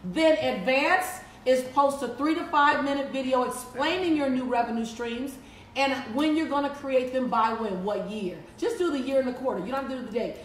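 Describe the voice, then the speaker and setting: A woman with a high-pitched voice gives a preacherly, emphatic motivational talk to a live audience, repeating lines for effect. The mic is distant in an echoey room, with slight background noise.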